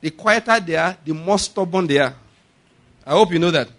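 A man preaching a sermon, laughing often and building to shouted declarations. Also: a little high, moderate pace.

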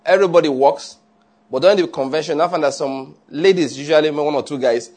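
A man's voice: on the high side, brisk, darkish tone. A man preaching a conversational sermon, often checking that listeners follow.

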